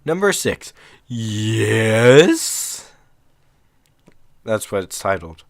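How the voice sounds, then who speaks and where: A man's voice: on the low side, lively intonation, unhurried, no echo, clean studio sound. A young man reading short horror stories aloud in a casual, rambling way, breaking off for chatty asides.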